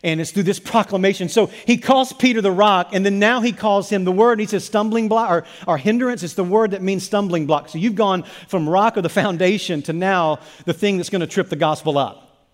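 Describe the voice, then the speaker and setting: A male pastor delivers a sermon with a high-pitched voice, pressing his points through repetition and stammered restarts. His words ring out with a long hall reverb behind them. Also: a little fast.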